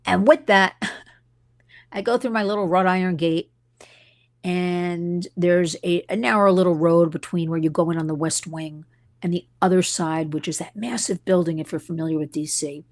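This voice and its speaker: A woman's voice: lowish voice, fairly even intonation, moderate pace, darkish tone, no room sound. A middle-aged woman hosting a live stream, talking to her viewers with passion and wandering into side stories. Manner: passionate, digressive storytelling. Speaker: host and advocate.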